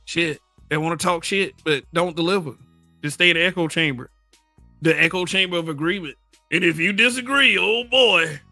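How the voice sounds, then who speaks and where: A man's voice: fairly high pitch, normal speed, sharp tone, no echo, faint music behind. A middle-aged man from the American South with a Southern accent, hosting a livestream and talking bluntly and profanely in casual commentary, laughing often and answering his chat. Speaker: livestream host.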